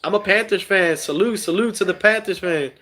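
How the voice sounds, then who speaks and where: Man, streamer host, casual chat, relaxed, lots of ums. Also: high-pitched, brisk. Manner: relaxed, reads chat aloud, many fillers.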